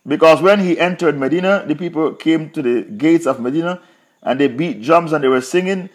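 Brief: male religious teacher, slightly high voice, repeats points for emphasis. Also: fairly quick. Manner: repetitive, emphatic storytelling. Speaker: Quran teacher. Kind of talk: religious lesson, storytelling.

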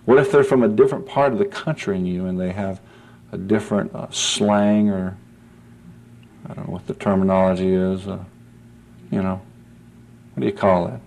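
A man's voice: deep voice, steady tone, normal speed, gravelly, long pauses, a little mellow, slight background noise. A male preacher delivering a sermon with earnest conviction. He talks in a folksy, conversational way and often checks in with his listeners. His voice climbs to emphatic peaks when he presses a point. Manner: folksy, asks "see?" often.

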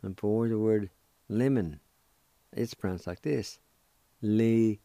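A male host leads a vocabulary lesson at a very unhurried pace. His voice sits slightly low and sounds close and dry. He repeats and spells out every word with patient care. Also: gravelly, warm tone, no room sound. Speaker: radio host teaching vocabulary. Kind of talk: slow spoken language lesson.

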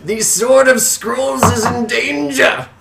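A man voicing a wizened old male castle keeper who is fussy and urgent, in a high, quavering old voice. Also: steady tone, slow pace, gravelly, over music, full character voice. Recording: echoey room.

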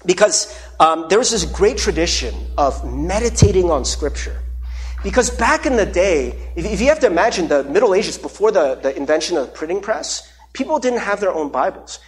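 Animated, lively-pitched male pastor. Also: normal speed. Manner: conversational, animated, many repeated words and fillers. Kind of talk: sermon.

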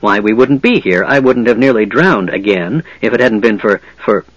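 A man's voice: on the low side, normal speed, dry recording, lo-fi sound, close to an everyday voice. A man voicing a grumpy, hot-tempered old dwarf who sputters as he talks. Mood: outraged. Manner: sputtering, explosive.

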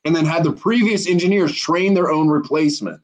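A man's voice: a little high, brisk. A man co-hosting a casual podcast, explaining things in a chatty way. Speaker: podcast co-host. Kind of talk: casual chat.

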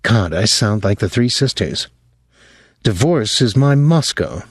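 A man's voice: fairly low pitch, lively intonation, unhurried, husky, no echo, clean studio sound. A man voicing a bitter, witty middle-aged woman who talks in a sardonic, theatrical way.

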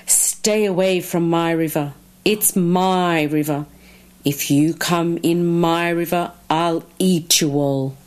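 A woman voicing a selfish, bossy male crocodile in a children's storybook reading, slow and emphatic. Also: fairly low pitch, fairly even intonation, darkish tone.

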